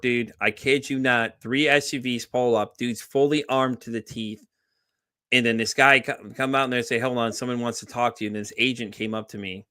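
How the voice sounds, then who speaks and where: A man hosting a podcast, telling a story in casual chat with lively energy and frequent swearing. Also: mid-range voice, no room sound, clean studio sound. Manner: animated storyteller, swears freely. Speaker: podcast host.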